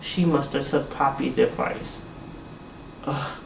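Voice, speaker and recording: A man's voice: medium pitch, fairly even intonation, slow pace, vocal fry, roomy sound, recorded from a distance, noisy background. A man giving a blunt, exasperated recap of a reality TV episode, swearing freely and talking casually.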